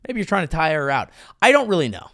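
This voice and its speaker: Animated, bright-voiced male comedian riffing. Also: a little high, fast talker, dry recording, clean studio sound. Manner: animated riffing with crude jokes. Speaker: comedian host. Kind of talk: comedy podcast monologue.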